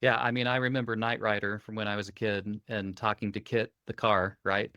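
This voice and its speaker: A man co-hosting a tech podcast, talking in a relaxed, upbeat, conversational way. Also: lowish voice, brisk, clear, resonant tone, no echo, lo-fi sound. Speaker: co-host. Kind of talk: casual tech podcast chat.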